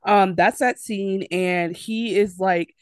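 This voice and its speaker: Female podcast co-host, animated and jokey, dry unroomy sound. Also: medium pitch, slow, no echo. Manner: animated, laughing asides, many fillers. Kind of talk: casual TV recap chat.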